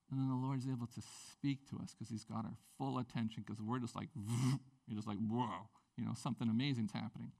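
A middle-aged male pastor from Canada preaching a sermon, telling stories with energy and acting out the people he quotes. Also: vocal fry. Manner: animated storytelling, acts out quoted voices with big pitch jumps.

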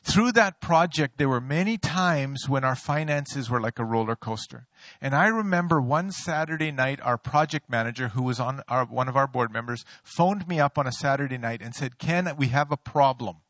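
A middle-aged man preaching a sermon, an animated storyteller who mocks himself and laughs often. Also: mid-range voice, moderate pace, dry recording. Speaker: pastor. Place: church sanctuary.

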